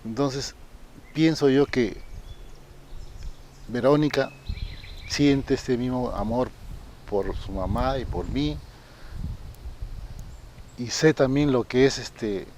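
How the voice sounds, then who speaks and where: A man's voice: medium pitch, slow pace, long pauses, a little mellow. An older man from Peru, a grandfather, reflecting in an earnest, searching way and correcting himself mid-phrase. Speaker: interviewee, grandfather. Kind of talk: reflective interview answer.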